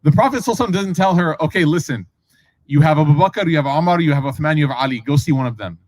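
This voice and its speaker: Male preacher, casual storyteller, higher-pitched voice, dry recording, acts out quotes. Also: racing, a little mellow, no echo, low-quality recording.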